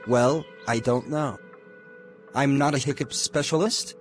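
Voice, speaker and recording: A man's voice: mid-range voice, unhurried, soft background music, close to an everyday voice. A man playing an exasperated male emergency doctor who rants at being called. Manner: exasperated, ranting.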